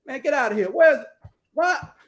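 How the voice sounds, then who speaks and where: A man with a high-pitched voice hosts casual live commentary, talking bluntly and swearing freely. He rambles along as he reads numbers and definitions aloud from his screen. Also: lively intonation, moderate pace, fairly bright tone. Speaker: host.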